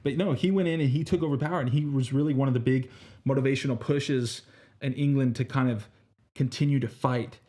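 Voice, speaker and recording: A man's voice: medium pitch, steady tone, fairly quick, warm tone. A young man co-hosting a casual podcast, speaking earnestly and motivationally with many fillers and restarts. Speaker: podcast co-host. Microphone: earphones with podcast mic.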